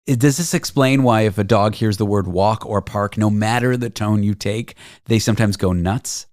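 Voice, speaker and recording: A man hosting a talk show, relaxed and playful, peppering his questions with "like". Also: on the low side, normal speed, no room sound, clean studio sound. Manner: relaxed and playful, with lots of filler "like"s. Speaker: radio show host. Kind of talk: casual interview and show segues.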